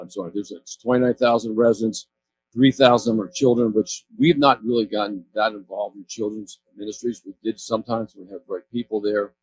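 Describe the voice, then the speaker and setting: A man's voice: fairly low pitch, a little mellow, a little hiss or hum, low-quality recording. A man in his sixties giving a talk about community work, telling stories in a rambling, self-correcting way with chuckles. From California. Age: 60s. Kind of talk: storytelling talk. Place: event stage.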